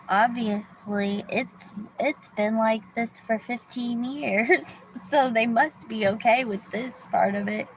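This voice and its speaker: A woman's voice: fairly high pitch, slow, hardly any pauses, a little hiss or hum, rough recording. A woman telling a rambling story to her viewers from her car, often restarting her sentences and sometimes dropping to a whisper. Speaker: vlogger. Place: car in a parking lot.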